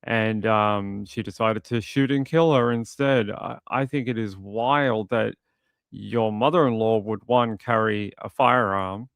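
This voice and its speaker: Man, true-crime commentator, gravelly voice, dry close sound, animated asides. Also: fairly low pitch, unhurried, dry recording. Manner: animated, mocking retellings. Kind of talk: casual commentary on a video.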